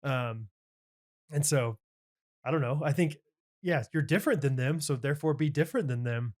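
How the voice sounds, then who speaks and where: A man's voice: mid-range voice, moderate pace. A man co-hosting a podcast in casual chat, rambling with lots of fillers and restarts, joking and laughing easily. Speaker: podcast co-host.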